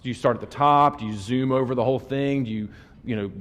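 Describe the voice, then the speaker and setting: A man in his forties, originally from West Virginia, lectures as a test-taking coach. He tells stories with lively acted quotes, and his mid-pitched voice carries a long hall reverb. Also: fast talker. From West Virginia, USA. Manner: animated storyteller, voices quotes. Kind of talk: lecture with anecdotes.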